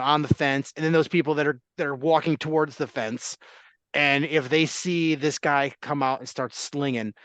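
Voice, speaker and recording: A man's voice: on the high side, a bit bright, no room sound. A man hosting a casual sports talk podcast, rambling and restarting his sentences. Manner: rambling, self-interrupting, laughs easily.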